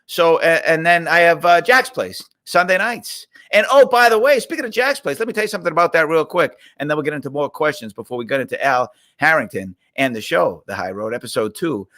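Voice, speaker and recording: A man's voice: on the high side, expressive, brisk, hardly any pauses, a bit bright. A middle-aged man from Boston hosting a casual live Q&A stream on a webcam, reading out viewer questions and rambling into stories. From Boston, USA.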